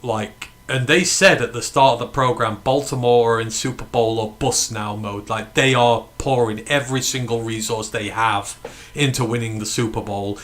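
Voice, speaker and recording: Man, bright tense voice, fan stream host, excited and emphatic, from the uk. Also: mid-range voice, moderate pace. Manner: excited, emphatic, swears freely. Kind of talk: casual live watch-along chat.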